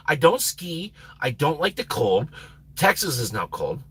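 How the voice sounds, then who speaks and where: A man hosting a live stream chats in a loose, rambling way, laughing and losing his train of thought. His voice is bright and slightly husky, and it swoops up and down in pitch. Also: sing-song, measured pace. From Minnesota. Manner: rambling, laughs often, trails off. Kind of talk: casual live stream chat.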